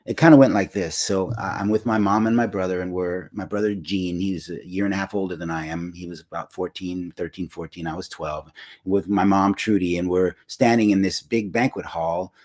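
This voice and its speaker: A man in his sixties shares a personal memory in a slow, reflective way, often pausing and starting over. His voice sits low and has a husky edge. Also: darkish tone. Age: 60s. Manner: reflective, unhurried, with frequent fillers and restarts. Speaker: singer-songwriter hosting a livestream. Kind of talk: personal storytelling.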